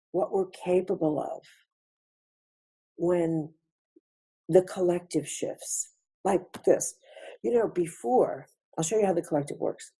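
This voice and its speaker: A woman with a low, dark, slightly rough voice is the featured speaker at a spiritual webinar lecture. She is reflective and repeats phrases for emphasis.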